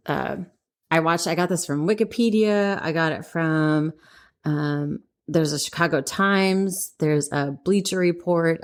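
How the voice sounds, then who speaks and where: A woman, co-hosting a podcast in casual chat. She rambles, corrects herself often and laughs as she talks. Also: deep voice. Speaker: podcast co-host.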